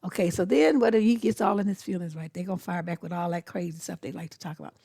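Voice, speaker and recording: A woman's voice: lowish voice, creaky, warm tone, no room sound, studio quality. A middle-aged woman relationship coach, giving blunt, sassy dating advice in a casual monologue and acting out short exchanges. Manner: blunt, sassy, acts out quick dialogues.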